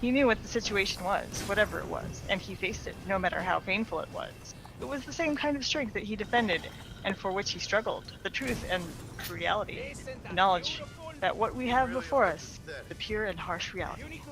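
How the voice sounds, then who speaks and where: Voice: medium pitch, lively intonation, fairly quick, creaky, music in the background, poor audio. A let's play commentator reading fan fiction aloud in a casual way, stumbling and correcting themselves now and then. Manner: reads with stumbles and self-corrections.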